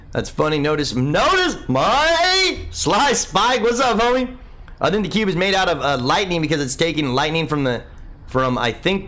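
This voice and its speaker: A man's voice: fairly high pitch, a bit bright. Laid-back young man chatting on a stream. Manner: laid-back, rambling, says "man" a lot. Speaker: livestream host. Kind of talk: casual live-stream chat reading viewer comments.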